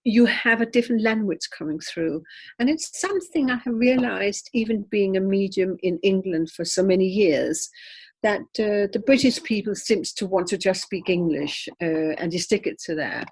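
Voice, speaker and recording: Husky older woman telling stories. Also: mid-range voice, moderate pace. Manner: animated, laughing, slightly non-native phrasing. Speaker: spiritual medium, guest. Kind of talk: storytelling in a conversational interview.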